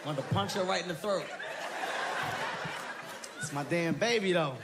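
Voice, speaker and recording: A man, a comedian, telling animated family stories full of laughter in stand-up and talk show clips. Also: sits high, measured pace, a loud crowd, heavy background noise.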